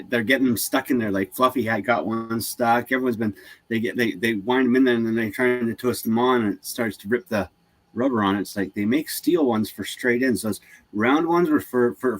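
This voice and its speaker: A man's voice: mid-range voice, brisk. A Canadian man hosting a live stream, rambling casually about car repairs, with many restarts. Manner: rambling, restarts, laughs often.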